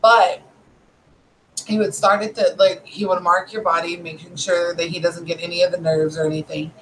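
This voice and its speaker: A woman's voice: on the low side, flat delivery, moderate pace, a bit bright, slight background noise, poor audio. Chatty woman in her thirties. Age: 30s. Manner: rambling retelling, "he goes" quotes. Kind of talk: casual storytelling.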